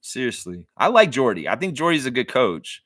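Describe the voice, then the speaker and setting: Speaking briskly in a mid-range voice, a sports fan runs a laid-back basketball reaction livestream. He's animated and loose, cursing without restraint and performing other people's quotes, and the audio has no echo.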